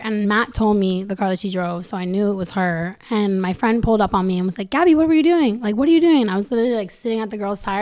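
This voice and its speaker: A woman's voice: medium pitch, darkish tone. Young woman rambling with constant "like". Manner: rambling, fills every phrase with "like". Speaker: podcast guest. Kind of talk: casual storytelling.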